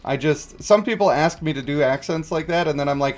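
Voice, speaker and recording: A man's voice: fairly high pitch, fairly quick, soft background music. A man in his thirties streaming a game, rambling and chuckling as he answers chat. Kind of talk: casual livestream chat.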